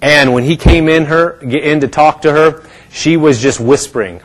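A man's voice: on the high side, moderate pace, rough recording. Man preaching with acted-out quotes. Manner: acts out quotes, dropping to a whisper for a sick woman. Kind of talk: sermon with storytelling.

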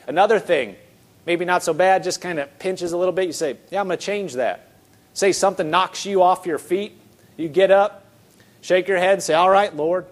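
A man preaching a sermon, earnestly reading scripture and acting out people's inner thoughts. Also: sits high. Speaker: pastor.

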